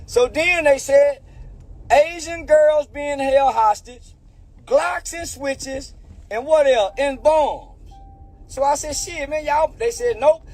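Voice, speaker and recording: A man's voice: extremely high pitch, slow pace, darkish tone. A man telling a profane anecdote and acting out the voices of the people in it. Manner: drawling, profane, switches into other people's voices. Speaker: storyteller in a played clip. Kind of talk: animated anecdote with acted-out dialogue.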